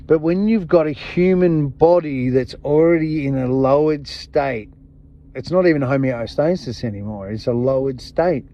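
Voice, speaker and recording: A podcast host rails through a blunt, impassioned monologue, swearing freely and hammering the same emphatic phrases again and again. He speaks at a moderate pace in a voice on the high side, captured in dull lo-fi sound.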